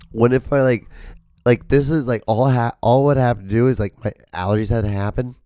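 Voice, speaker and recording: A man's voice: medium pitch, moderate pace, mellow, no room sound. A man hosting a podcast who has lost his voice. He rambles casually in a strained, cracking voice, filling his speech with "like" and swearing. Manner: profane, rambling, full of fillers. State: hoarse, losing his voice. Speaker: podcast host.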